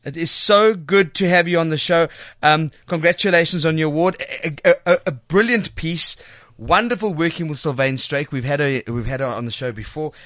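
A man's voice: fairly high pitch, moderate pace, hardly any pauses, fairly bright tone, no echo, studio quality. A man from South Africa hosting a radio show, chatting playfully and stumbling over names. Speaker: radio host. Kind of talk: casual radio chat. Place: radio studio.

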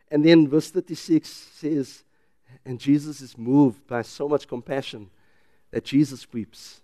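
A pastor with a South African English accent preaches in church, alternating between loud, emphatic declarations and quiet personal stories. His mid-range voice is unhurried, and there's no echo.

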